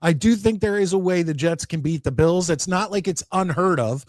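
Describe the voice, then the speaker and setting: A man hosting a live sports talk show, chatty and excited, reading viewer comments aloud. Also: high voice, normal speed, no room sound. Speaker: host.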